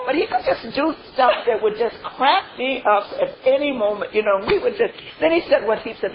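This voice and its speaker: A woman's voice: fairly high pitch, animated, a little fast, few pauses. An older woman sharing a heartfelt personal testimony, laughing through her stories and often saying "you know", on a dull lo-fi recording. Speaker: speaker sharing a recovery testimony. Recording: dull lo-fi recording with faint noise.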